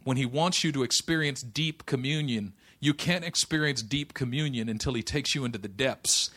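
A man preaching a sermon, impassioned, moving between hushed passages and loud declarations, with folksy humorous asides. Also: mid-range voice, moderate pace. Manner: impassioned, swings from hushed to loud, quotes scripture.

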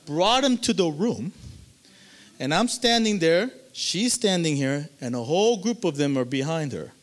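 A male pastor telling a story in a sermon, animated and swinging between loud and hushed. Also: fairly high pitch, unhurried.

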